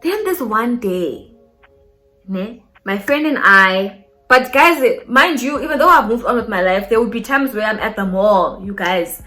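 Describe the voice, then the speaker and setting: Young South African woman, casual storytime vlogger, animated and chatty. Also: a little high, measured pace, faint music behind. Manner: animated, code-switching, talks straight to viewers.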